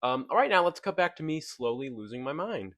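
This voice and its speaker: A man's voice: medium pitch, very animated, fairly quick, very noisy. A tired young man narrating a casual, self-mocking voice-over for his vlog. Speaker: vlogger.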